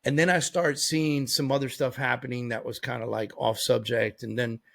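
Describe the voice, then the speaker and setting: Male podcast guest, gravelly voice, blunt cursing storyteller, talks like a coach. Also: medium pitch, flat delivery, normal speed, fairly bright tone. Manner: blunt and profane, sarcastic. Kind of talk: casual storytelling.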